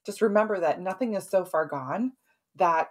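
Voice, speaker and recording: A woman's voice: fairly low pitch, normal speed, a little mellow. A middle-aged woman hosting a podcast, telling a client's story in a casual, conversational way and often ending sentences with "right?". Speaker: podcast host and health practitioner.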